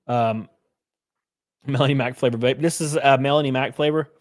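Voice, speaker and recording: A man's voice: mid-range voice, steady tone, normal speed, no echo, studio quality. Loose, jokey male streamer. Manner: loose, jokey, slangy, reads chat aloud. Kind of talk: casual live-stream chat.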